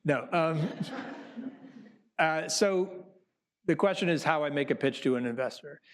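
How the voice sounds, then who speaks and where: A man with a voice on the high side speaks at a measured pace. He's a Broadway producer talking conversationally to business students, animatedly performing quotes within his anecdotes.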